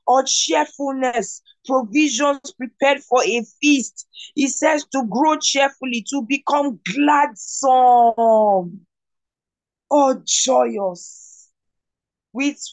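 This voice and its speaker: A woman preaching a devotional sermon, repeating declarations of victory and breaking into shouts of glory. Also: on the high side, dry recording.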